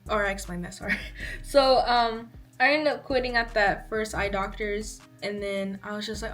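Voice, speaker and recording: A woman's voice: mid-range voice, normal speed, a bit bright, faint music behind. A woman in her twenties telling a casual storytime, chatty, with lots of "like" as she acts out what people said. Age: 20s. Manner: chatty, fills speech with "like", acts out dialogue. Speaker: vlogger.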